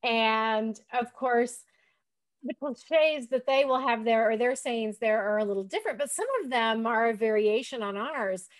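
A woman's voice: a little high, measured pace. A woman co-hosting a casual chat, talking in a chatty, enthusiastic way. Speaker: co-host, historian.

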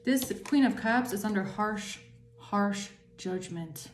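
A woman's voice: medium pitch, takes it slowly, echoey room, faint music behind. A woman doing a tarot reading for her viewers, angry and emphatic, swearing often. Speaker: tarot reader.

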